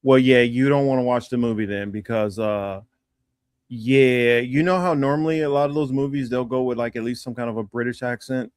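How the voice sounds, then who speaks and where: A man co-hosting a livestream, talking casually in a rambling, halting way with lots of fillers. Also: medium pitch, darkish tone, clear, resonant tone, no room sound, studio quality. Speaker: livestream co-host. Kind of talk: casual chat.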